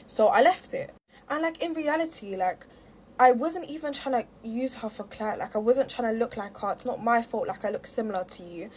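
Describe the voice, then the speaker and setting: A woman's voice: fairly high pitch, normal speed, darkish tone, a little hiss or hum. A young woman telling an aggrieved story to camera, rambling with plenty of fillers. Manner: rambling, heavy filler use, aggrieved retelling. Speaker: storytime creator.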